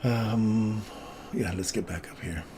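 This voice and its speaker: A trading streamer with a lowish voice talks slowly, giving casual live commentary on his market trades and chatting with viewers as he works through the charts. Background noise can be heard.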